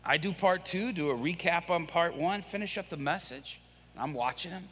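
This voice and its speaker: Man, pastor, sermon storytelling, acted-out quotes, slightly high voice, echoey hall. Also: normal speed, husky. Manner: animated, acts out quoted voices.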